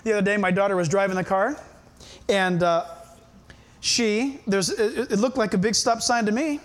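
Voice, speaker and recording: A man's voice: high-pitched, normal speed, a little hiss or hum. A middle-aged man, preaching a sermon and asking the congregation questions. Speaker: pastor.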